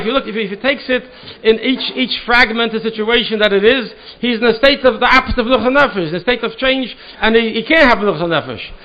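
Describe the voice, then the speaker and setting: A man's voice: high voice, sharp tone, lo-fi sound. A man, a rabbi, giving a Torah study lecture in a synagogue hall, earnest and often repeating words as he searches for them. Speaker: rabbi teaching a class.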